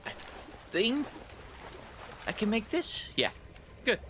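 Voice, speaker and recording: A man's voice: sits high, very animated, slow, background noise. A male streamer chatting casually while playing a game, rambling and a little tipsy. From Canada.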